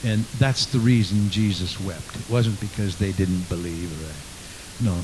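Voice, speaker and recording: A man's voice: low-pitched, unhurried, noisy background. A man preaching a sermon with fervent conviction, reading scripture aloud and repeating his praise phrases.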